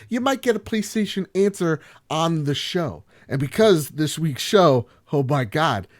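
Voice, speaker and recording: A man hosting a gaming podcast alone, joking and rambling as he swings from loud outbursts to quiet asides. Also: a little high. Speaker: podcast host. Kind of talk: solo podcast chat.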